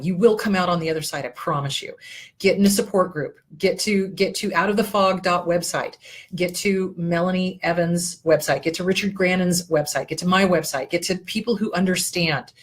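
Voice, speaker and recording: A woman's voice: medium pitch, brisk, slightly rough. A middle-aged woman therapist hosting her weekly talk, speaking bluntly and passionately, swearing freely and rambling between points. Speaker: therapist and show host. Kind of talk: solo livestream talk.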